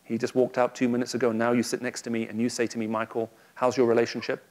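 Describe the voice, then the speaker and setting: A man speaks to a live audience in a room, giving a Christian talk. He tells stories with a lively, humorous touch, in a voice of ordinary pitch for a man. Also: rapid-fire. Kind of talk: public talk with anecdotes.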